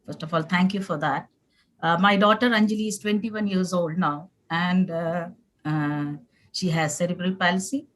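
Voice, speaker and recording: A woman in her forties, a parent on a conference panel, talking in an earnest, halting way with some emotion. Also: lowish voice, fairly even intonation, fairly bright tone, low-quality recording. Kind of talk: panel discussion sharing.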